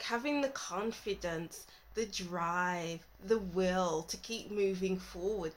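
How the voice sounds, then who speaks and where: A woman talks through a tarot spread in a casual, musing way, pausing to think aloud as she goes. Her voice sits at a middling pitch, and a faint hiss runs under the recording. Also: fairly bright tone, low-quality recording. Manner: thinking aloud, musing, trailing off mid-thought. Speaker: tarot reader. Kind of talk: casual tarot reading to camera.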